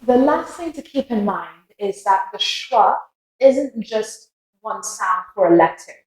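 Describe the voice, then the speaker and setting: A woman's voice: mid-range voice, animated, a little slow, a little mellow, roomy sound, poor audio. A young British woman teaching English pronunciation, patiently modelling words and inviting listeners to repeat them. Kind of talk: pronunciation lesson.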